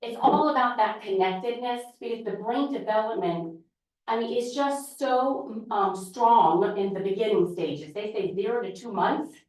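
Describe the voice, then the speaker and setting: With a slightly high voice at a moderate pace, a woman who teaches preschool gives an informal presentation to a group. Her storytelling is lively, and she acts out back-and-forth moments from class. The mic sits at a distance in a large, very echoey church hall.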